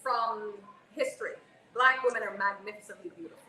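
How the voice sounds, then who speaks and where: A woman in her forties co-hosting a casual panel chat, an animated storyteller who keeps checking in with "okay?". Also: medium pitch, a little fast, echoey room, a little hiss or hum, rough recording. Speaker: co-host.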